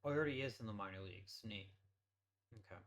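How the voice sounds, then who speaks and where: A man's voice: lowish voice, fast talker. A man hosting a let's play, giving casual gameplay commentary as he thinks aloud and swears offhandedly.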